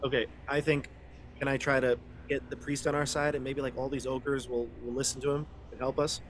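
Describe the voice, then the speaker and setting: An eager man talking through his moves at a tabletop game, rambling and restarting as he thinks out loud. His voice sits at an ordinary mid pitch, with a faint hum of room noise behind him. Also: little pitch movement, brisk. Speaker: player. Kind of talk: casual tabletop play.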